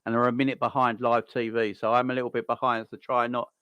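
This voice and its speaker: A man talking casually through a live football watchalong, rambling and answering his viewers between the action. His voice sits at an ordinary middle pitch. It is picked up dry and close, with no room sound around it. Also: flat delivery, fast, fairly bright tone, clean tone, no room sound, muffled recording. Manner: chatty and rambling, greets viewers and answers chat. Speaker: live-stream host.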